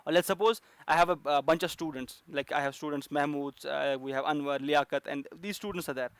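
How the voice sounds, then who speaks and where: A man's voice: a little high, a little fast, fairly bright tone, clean tone, no echo. A man teaching a coding lesson, explaining step by step with frequent fillers and restarts. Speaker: programming instructor.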